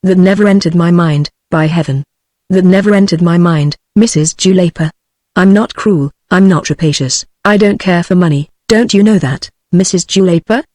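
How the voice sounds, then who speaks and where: A British woman text-to-speech voice reading the part of a gentle, feeble and miserable young man, without changing voice. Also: fairly low pitch, normal speed, no room sound, studio quality, natural voice. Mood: pleading. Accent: British English. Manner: plain synthetic reading, no change of voice.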